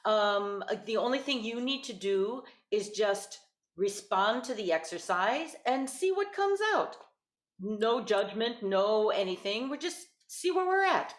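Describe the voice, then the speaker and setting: A woman's voice: medium pitch, animated, unhurried. A woman patient voice teacher, echoey call. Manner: patient, encouraging, demonstrates vocal exercises. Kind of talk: online voice lesson. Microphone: video call.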